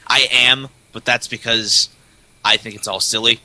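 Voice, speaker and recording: A man's voice: mid-range voice, fairly even intonation, unhurried, pushed and bright, no echo, low-quality recording. A man co-hosting a casual gaming podcast, talking at length with lots of "like". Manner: talkative, many "like" fillers. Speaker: podcast co-host. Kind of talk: casual chat.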